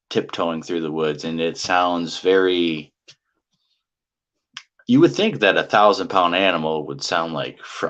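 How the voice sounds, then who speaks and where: Deep-voiced guy telling his story, repeats himself a lot, dull sound. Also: a bit bright. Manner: rambling and repetitive, with many fillers. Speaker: guest telling a personal encounter story. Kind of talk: casual storytelling. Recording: dull lo-fi audio.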